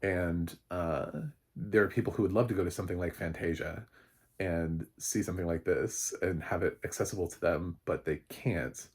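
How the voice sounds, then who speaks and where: A man's voice: low voice, steady tone, moderate pace, breathy edge. A man, a film critic, giving a casual spoken review, rambling with many fillers and restarts, and swearing now and then.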